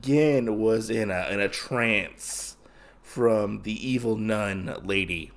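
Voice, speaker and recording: A man's voice: on the low side, slow pace. A man hosting a podcast who retells a comic's story in a casual, rambling way, full of fillers. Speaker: podcast host.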